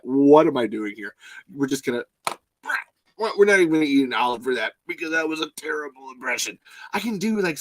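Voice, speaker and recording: A man's voice: mid-range voice, no room sound, low-quality recording. A man hosting a casual live podcast from a home mic, rambling and swearing freely. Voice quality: profane, rambling, animated. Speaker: podcast host.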